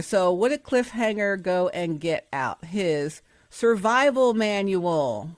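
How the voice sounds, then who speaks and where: A woman's voice: mid-range voice, expressive, slow, soft background music. Emphatic woman preaching over cartoon clips. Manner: emphatic, preachy, laughs often. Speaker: host. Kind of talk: casual preachy commentary.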